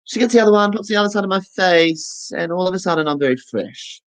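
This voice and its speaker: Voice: medium pitch, fast talker, low-quality recording. A performer with an Australian accent telling a self-mocking comic story and acting out the voices. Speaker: stand-up performer, voicing a deaf comedian's set. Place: online festival stage.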